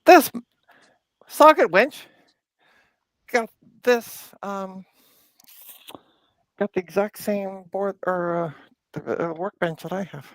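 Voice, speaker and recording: A woman's voice: mid-range voice, slow pace, long pauses, dry recording. A woman hosting a casual live stream from her home workbench, chatting playfully as she narrates her tinkering. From Canada. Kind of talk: casual live-stream chat while working.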